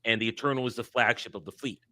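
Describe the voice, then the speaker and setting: A man casually and excitedly retelling anime scenes, acting out the characters' lines as he goes. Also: mid-range voice, fast talker. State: choked up. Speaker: podcast host. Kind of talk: casual anime recap chat.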